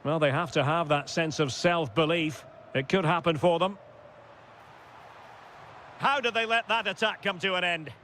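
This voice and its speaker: A man's voice: on the high side, moderate pace, pauses often, bright, forceful tone, a little hiss or hum. A man voicing a football play-by-play commentator in a video game, calling the action in short bursts that rise sharply at chances and goals. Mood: lively.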